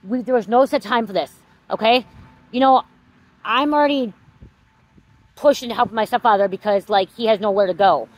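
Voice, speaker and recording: A woman's voice: a little high, normal speed, long pauses, rough recording. A woman in her thirties or forties, a tarot reader venting in a casual vlog, swearing and tagging "okay?" onto her sentences.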